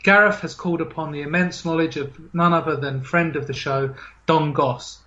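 A man hosts a comedy podcast with a teasing, mock-formal manner. His voice is bright and fairly high for a man, and he breaks into laughter easily. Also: steady tone, moderate pace, lo-fi sound. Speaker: podcast host. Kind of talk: playful comedy podcast hosting.

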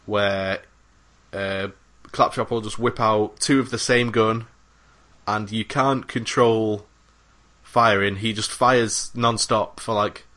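This co-host of a gaming podcast speaks slowly in a fairly low, steady voice that sounds pushed and bright. His casual chat wanders with enthusiasm, full of fillers and cursing.

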